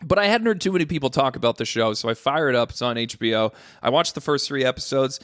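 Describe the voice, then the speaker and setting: An American man hosting a casual solo podcast, swearing freely and jumping into high-pitched exclamations. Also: expressive, fast talker, a bit bright, no echo, clean studio sound. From United States. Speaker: podcast host.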